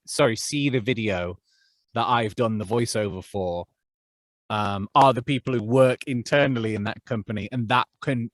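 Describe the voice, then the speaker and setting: A man's voice: medium pitch, normal speed, no room sound. Chatty male audiobook narrator, dry room. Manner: chatty, self-deprecating, many fillers and restarts. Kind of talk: casual interview chat.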